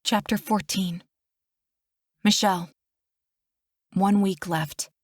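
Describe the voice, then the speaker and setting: A woman's voice: mid-range voice, steady tone, takes it slowly, no room sound, clean studio sound. A woman narrating a romance audiobook in the first person, subdued and reflective.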